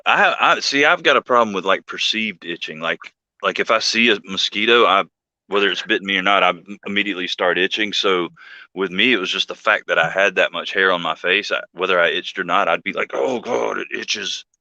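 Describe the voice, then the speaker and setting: Joking man host deep, tense edge, dry, muffled stream sound. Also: a little fast, sharp tone, no echo. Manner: rambling, jokey, greets viewers by name. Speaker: livestream co-host. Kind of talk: casual joking chat.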